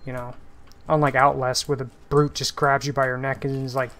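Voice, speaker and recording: Excitable, foul-mouthed male game streamer. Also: mid-range voice, fairly quick. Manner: profane, excitable, with sudden shouts. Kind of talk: live gameplay commentary.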